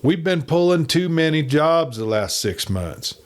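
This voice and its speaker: A man's voice: fairly high pitch, very animated, unhurried, voice pushed up. A man voicing a cocky outlaw messenger in folksy, ungrammatical frontier talk.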